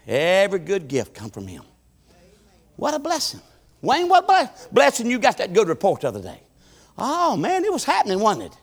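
High-voiced preacher in his fifties. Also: huge pitch swings, normal speed. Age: 50s. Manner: rhythmic preaching, swinging from shouted appeals to low folksy asides. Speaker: pastor. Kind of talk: sermon. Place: church.

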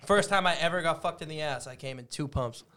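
A man's voice: a little high, fast talker, bright, forceful tone. A man in his thirties, a podcast guest, telling crude stories bluntly in casual chat. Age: 30s.

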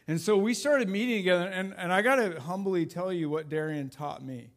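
A man's voice: sits high, fairly quick, few pauses. A man preaching a sermon to a church congregation as a youth pastor, conversational and self-deprecating with plenty of jokes.

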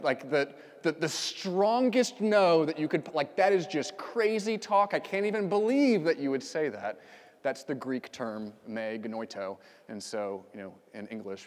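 A man's voice: mid-range voice, a little mellow. Man preaching in a reverberant church. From United States. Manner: conversational preaching with emphatic outbursts and many fillers. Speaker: pastor. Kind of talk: sermon. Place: church sanctuary.

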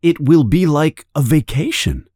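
A man reads a children's story aloud at an unhurried pace, his pitch rising and falling with the tale. His voice sits on the low side and is recorded close and dry. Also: slightly rough, no room sound. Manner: slow, lively storytelling. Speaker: narrator. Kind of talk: slow storybook read-aloud.

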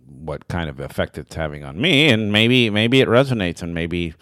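A man's voice: low-pitched, animated, normal speed, a bit bright, clean tone, no room sound, studio quality. A man co-hosting and producing a podcast, joking and self-deprecating in casual chat.

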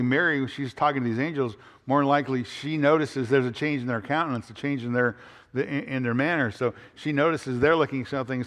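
A pastor preaching an expository sermon in a conversational way, often using fillers and restarting his sentences. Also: mid-range voice. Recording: hall reverb.

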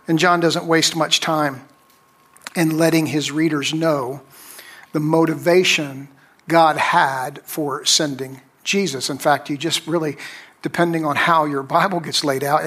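Slow, emphatic male pastor. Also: a little high, a bit bright. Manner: slow, emphatic preaching with long pauses. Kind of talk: sermon.

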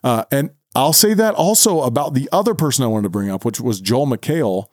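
A man's voice: mid-range voice, animated, brisk, a little mellow, dry recording, studio quality. A man co-hosting a podcast in a casual chat, talking loosely, restarting sentences and laughing often. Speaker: podcast co-host.

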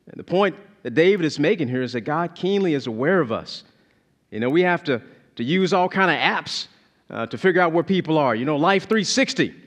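A man preaching a sermon as pastor, emphatic and animated, repeating key phrases. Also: on the high side, fairly quick.

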